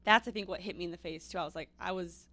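A young woman co-hosting a podcast, telling stories in a chatty, animated way. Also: on the low side, fast talker, dry recording. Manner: chatty, animated storytelling with laughs. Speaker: podcast co-host. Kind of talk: casual chat.

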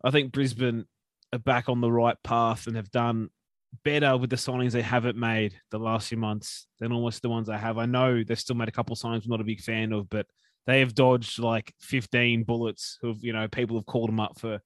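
A man's voice: medium pitch, level tone, brisk, no echo. A man co-hosting a podcast, chatting in a laid-back way with lots of fillers. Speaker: podcast co-host. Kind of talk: casual chat.

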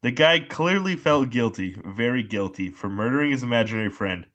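Bright-voiced man telling deadpan stories. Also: mid-range voice, fairly quick, lo-fi sound. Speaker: podcast co-host. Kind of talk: casual storytelling.

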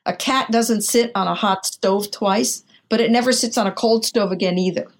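A woman's voice: medium pitch, moderate pace. An older woman, a podcast guest and author, telling frank, vivid anecdotes in an interview. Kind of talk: candid interview storytelling.

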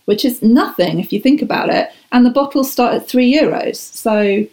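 A woman's voice: fairly high pitch, expressive, moderate pace, darkish tone. Woman guest on a chat podcast, enthusiastic and chatty, jokes at her own expense. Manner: enthusiastic, chatty, self-deprecating.

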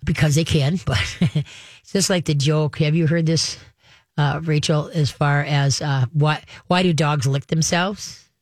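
A man's voice: a little high, steady tone, measured pace, dry recording, studio quality. A man hosting a call-in radio show on pet advice, talking in a folksy, rambling way with many fillers and restarts. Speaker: radio pet expert host.

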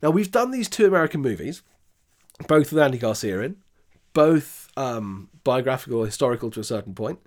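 A man co-hosting a casual film review chat, speaking hesitantly with many fillers and giving measured verdicts. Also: medium pitch, sing-song. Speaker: podcast co-host.

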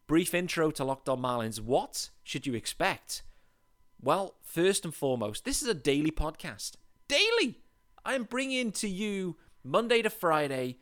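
A man's voice: a little high, a bit bright. Upbeat British man hosting a podcast. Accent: British English. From England. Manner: upbeat, chatty, emphatic. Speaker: podcast host. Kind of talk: solo podcast monologue.

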